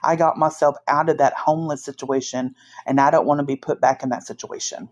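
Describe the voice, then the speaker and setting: A woman vlogger telling a story in a casual, emphatic, animated way, with frequent restarts. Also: low voice, brisk.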